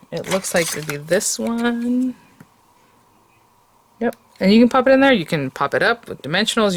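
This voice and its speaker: Low voice lady doing a card craft tutorial, casual and rambly, lots of ums. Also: a little hiss or hum. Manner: chatty, rambling, many fillers and self-corrections. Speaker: card-making tutorial host.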